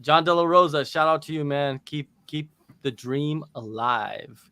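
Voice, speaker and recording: A man hosting a casual livestream watch-along, reading viewer comments and shout-outs aloud with a joking manner. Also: fairly high pitch, a little slow, clear, resonant tone, dry recording.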